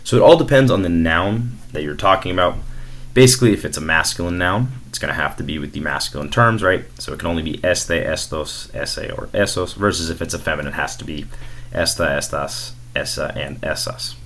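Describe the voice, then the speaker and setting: A man's voice: low-pitched, a little fast, vocal fry, fairly bright tone, slight background noise. A young man explaining a language lesson in a casual, explanatory way, with fillers. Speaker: Spanish teacher. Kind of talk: screen-recorded language lesson.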